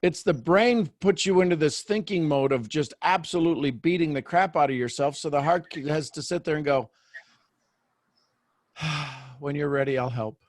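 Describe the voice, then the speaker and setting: A man's voice: a little high, normal speed, no echo. Emphatic male life coach, dry sound. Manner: emphatic, encouraging, repeats phrases. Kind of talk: live coaching session.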